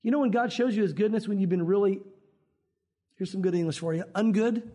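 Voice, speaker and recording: High, husky-voiced male preacher. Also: a little fast. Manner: animated, conversational preaching with acted quotes. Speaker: pastor. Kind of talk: sermon.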